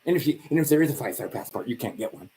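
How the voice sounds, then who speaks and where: A man's voice: medium pitch, lively intonation, very fast, dark tone, a little hiss or hum. A man ranting sarcastically and profanely on a livestream, rambling and tired. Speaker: livestream host.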